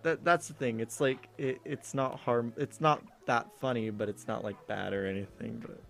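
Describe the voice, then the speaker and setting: A man's voice: medium pitch, steady tone, moderate pace, gravelly, fairly bright tone, faint music behind. A man in casual podcast chat, recapping a movie in a rambling way, laughing often and restarting his sentences. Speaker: podcast co-host.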